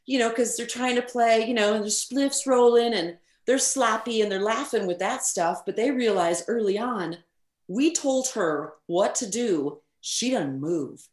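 A middle-aged woman, a recording engineer, telling stories in a casual interview. She speaks in a frank, animated way, swears casually and uses many fillers. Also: fairly high pitch, unhurried. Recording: roomy echo.

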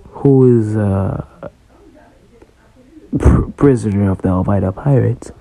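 Dude narrating a fan story, lots of ums, slow and mellow. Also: male voice, mid-range voice, gravelly, poor audio. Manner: hesitant, full of fillers.

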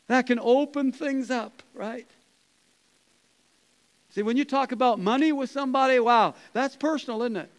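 A man, a pastor, preaching a conversational sermon, chuckling and dropping to soft quoted asides. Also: very high voice, clear, resonant tone, poor audio. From Canada.

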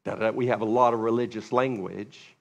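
A male pastor delivering a sermon in an animated, conversational way. He leaps up in pitch when acting out quoted speakers and sinks to a low, quiet tone for asides. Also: fairly quick, gravelly, highs cut off. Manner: animated, acts out quoted voices with big pitch jumps; drops to a hushed, low voice for asides.

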